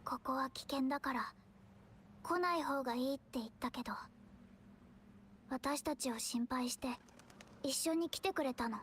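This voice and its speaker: Caring anime-style game girl, high and quick, bit of hiss. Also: fairly bright tone. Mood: earnest. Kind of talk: Japanese game voice acting. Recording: game audio under faint noise.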